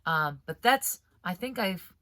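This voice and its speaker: Chatty low-voiced woman with a bright edge. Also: expressive, slow pace, no echo. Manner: rambling and chatty, laughs often. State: stuffy nose from allergies. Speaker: author and writing coach host. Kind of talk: casual advice vlog.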